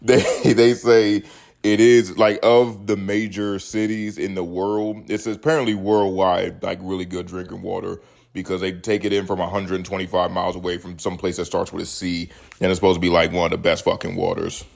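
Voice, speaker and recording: A man's voice: low-pitched, level tone, normal speed, gravelly, a little mellow. A man in his thirties hosting a solo podcast, swearing freely as he rambles and reads news stories aloud with his own takes. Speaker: podcast host. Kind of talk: casual solo podcast commentary.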